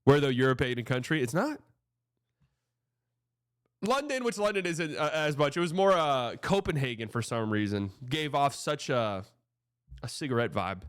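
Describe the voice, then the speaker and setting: A man's voice: medium pitch, animated, moderate pace, pauses often, fairly bright tone, clean tone, no echo, clean studio sound. A man hosting a casual sports reaction show, talking in a loose, profane, rambling way.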